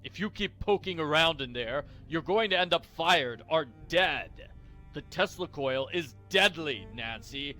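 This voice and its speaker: A man voicing an angry older male boss who shouts stern orders over the phone. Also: on the high side, expressive, a little slow, faint music behind. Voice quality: gruff.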